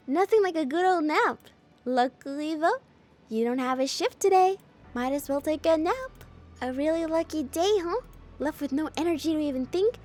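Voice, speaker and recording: A high-pitched woman reads a story game aloud to her viewers, switching between the narration and playful, expressive reactions of her own. She teases herself over her slips as she goes. A little music plays quietly behind her. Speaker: game streamer.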